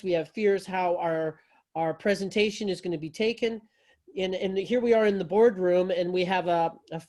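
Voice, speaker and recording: A man's voice: high voice, a little mellow. Conversational man teaching yoga philosophy. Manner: conversational, repeats and restarts, folksy phrasing. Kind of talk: teaching a class discussion.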